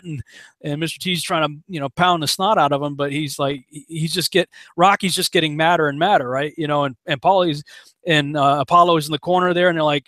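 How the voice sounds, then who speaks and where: A man leading a casual online Bible study, animated, acting out quotes in a raised voice and chuckling often. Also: on the high side, moderate pace, no echo. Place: home setup on a live broadcast.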